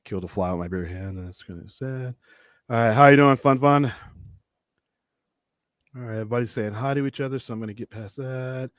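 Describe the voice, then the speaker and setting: A man from California hosts a live stream, chatting loosely and greeting viewers by name. His voice is medium in pitch and fairly quick, with long pauses, and the recording is dry.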